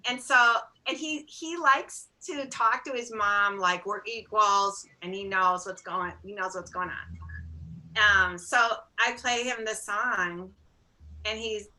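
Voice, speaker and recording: Bright-voiced woman telling animated stories. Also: medium pitch, slow, low-quality recording. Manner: animated, acts out quoted dialogue; self-deprecating, laughs through stories. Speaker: singer-songwriter guest. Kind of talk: storytelling in a casual interview.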